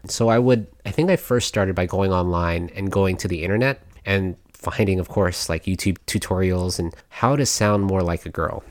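A man with a very low, deep voice, rambling casually through a podcast monologue. He talks chattily, full of fillers and small laughs, and the sound is close and dry with no room around it. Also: normal speed, hardly any pauses, dry recording. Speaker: podcast host.

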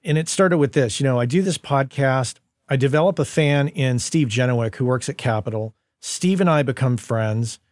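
A podcast host tells stories in casual conversation, becoming animated as he brings the people he quotes to life. He speaks at medium pitch and normal speed with hardly any pauses, in a dry recording with clean studio sound.

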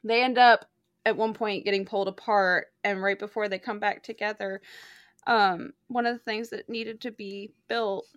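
A woman's voice: on the high side, fairly bright tone, no room sound, clean studio sound. Gushing young woman with a drawl. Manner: gushing, swears freely, many fillers. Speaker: podcast co-host reviewing a book. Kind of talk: casual chat.

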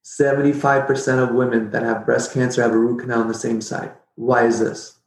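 A middle-aged man telling a personal story as a podcast guest, animated and jokey, acting out his own past reactions. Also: mid-range voice, brisk, a little hiss or hum. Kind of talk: casual storytelling interview. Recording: roomy echo.

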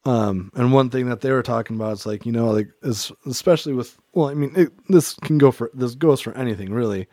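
A man's voice: mid-range voice, brisk, hardly any pauses, mellow, no room sound, clean studio sound. Rambling, reflective man in casual chat. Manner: rambling, reflective, heavy on "like" and restarts. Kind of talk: casual faith-themed chat.

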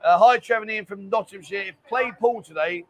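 High-voiced fast-talking london guy, hungover, cracking jokes on a live show. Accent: London English. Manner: jokey banter, quick and chatty. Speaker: co-host of a livestream. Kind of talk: casual chat, reading viewer comments.

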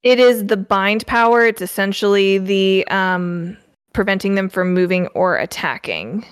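A woman's voice: medium pitch, a little slow, clean tone, dry recording, clean studio sound. A woman playing in a tabletop role-playing game, asking eager questions about the scene. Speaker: player. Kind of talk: tabletop role-play banter.

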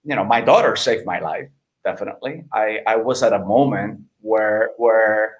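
A middle-aged man speaking as an interview guest, earnest and halting, often repeating words as he searches for them. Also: lowish voice, highs cut off. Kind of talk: candid personal interview.

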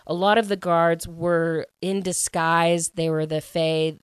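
A woman's voice: lowish voice, slow, smooth, no echo. Chatty woman recapping a book, dry sound. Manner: chatty, filler-heavy, animated retelling. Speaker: book reviewer.

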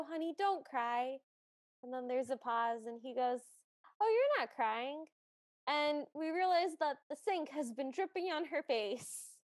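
With a high voice and no echo, a woman co-hosts a podcast, casually recapping a film's scenes and dropping in dry asides.

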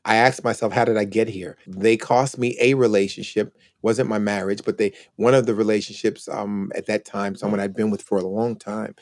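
A retired police officer in his sixties, appearing as a podcast guest, reflectively tells family stories in interview style, occasionally slipping into the voices of people he quotes. His low voice stays steady at a moderate pace with few pauses. The recording is close and dry, with no room sound at all.

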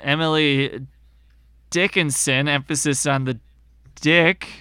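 A man co-hosting a casual podcast chat, goofy and quick to laugh at his own jokes. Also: on the high side, animated, pushed and bright, clear, resonant tone, dry recording. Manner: goofy, jokey, giggly. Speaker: podcast co-host.

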